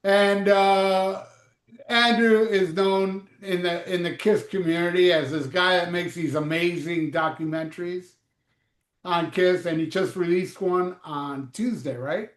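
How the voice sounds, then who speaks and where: Brief: man in his fifties, high voice, casual joking show host, echoey room sound. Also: steady tone, a little slow. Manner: loose, joking, rambling with fillers. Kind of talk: casual live show chat.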